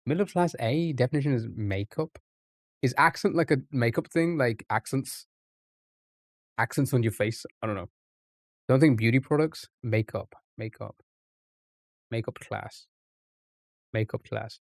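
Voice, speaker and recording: A man streaming live, thinking aloud over a word puzzle with frequent pauses and restarts. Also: mid-range voice, no room sound, studio quality. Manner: halting, restarts often, muses aloud.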